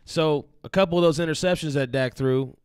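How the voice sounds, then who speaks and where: A man hosting a sports fan show, talking calmly and conversationally and greeting viewers in the comments. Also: fairly high pitch, fairly quick, clear, resonant tone, dry recording, studio quality. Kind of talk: casual sports chat.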